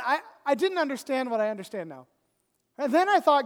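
A man telling a self-mocking story in a sermon, animated and quick to check in with his listeners. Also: very high voice. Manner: animated, self-mocking, keeps adding "right?". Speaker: pastor. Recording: reverberant hall.

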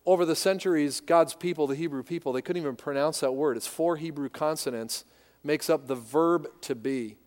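Emphatic preaching man, slightly high voice. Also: a little fast, a little mellow. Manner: emphatic, repeats key words, rhetorical questions. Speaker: pastor. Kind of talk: sermon. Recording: long hall reverb.

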